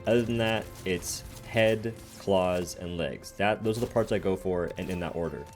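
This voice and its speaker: Low-voiced man explaining game builds. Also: normal speed, faint music behind. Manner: casual, steady step-by-step explaining. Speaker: gaming channel host. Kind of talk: game build guide voice-over.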